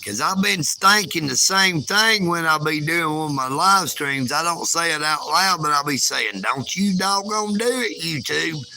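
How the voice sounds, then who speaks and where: A man's voice: on the high side, moderate pace, hardly any pauses, bright, forceful tone, a little hiss or hum. A man, chatting casually and folksily on a livestream outdoors at night. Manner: folksy, calls himself a hillbilly. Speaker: livestream host.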